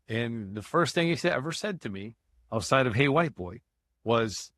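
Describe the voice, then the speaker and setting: A man's voice: mid-range voice, animated, normal speed, a bit bright, no room sound, studio quality. A man from Michigan, a guest in a podcast interview, telling his life story in a candid, conversational way. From Michigan, USA. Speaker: guest, motivational speaker.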